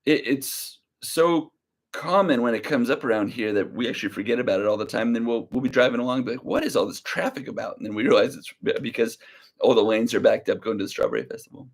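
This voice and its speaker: A relaxed young man chats his way through a livestream, his mid-range voice easy and unhurried. He drifts from story to story and answers viewer comments in a slow, laid-back way, with a light drawl. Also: mid-range voice. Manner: relaxed, rambling, reads viewer comments aloud. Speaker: livestream reseller host. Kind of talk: casual livestream chat.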